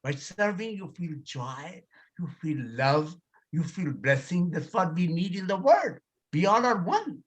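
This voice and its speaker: Man, laughter yoga teacher, lively swooping voice, slow delivery, loud laughs and high cries, video call. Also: highs cut off.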